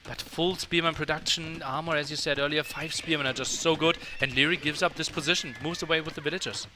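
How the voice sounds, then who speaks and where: A man's voice: a little high, steady tone, quick pace, background noise. A man commentating a strategy game match, analytical and asking questions about the players' choices. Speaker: esports commentator.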